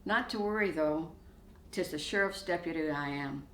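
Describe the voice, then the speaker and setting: Courteous young Irishman, old-fashioned manners, read by a woman, lowish voice, echoey room. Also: normal speed, a bit bright, slight background noise. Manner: polite, courteous, calls her miss.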